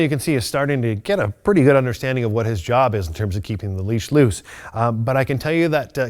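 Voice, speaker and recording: A man teaching loose-leash walking to a dog on camera, explaining each step calmly and methodically, with bright bursts of praise. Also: mid-range voice. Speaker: dog trainer. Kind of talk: instructional video demonstration.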